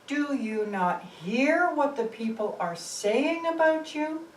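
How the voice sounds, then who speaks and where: Woman doing stern troubled governor, slow measured delivery, roomy echo. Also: high-pitched, lively intonation, a little hiss or hum, voice pushed up. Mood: grave. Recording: roomy, distant mic, faint ambience.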